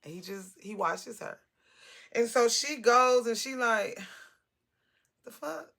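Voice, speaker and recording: A woman in her forties telling a casual storytime vlog, animated, talkative and blunt, with salty language. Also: a little high, unhurried.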